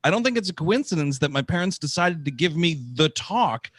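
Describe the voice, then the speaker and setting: A man co-hosting a comedy podcast, reading a listener's letter aloud in an animated way and laughing along. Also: on the high side, brisk, dry recording.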